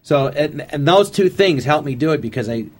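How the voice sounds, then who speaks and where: A man's voice: fairly high pitch, expressive, normal speed, darkish tone. A middle-aged man telling show-business anecdotes in casual conversation, acting out the voices of people he quotes. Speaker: interview guest. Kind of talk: casual storytelling.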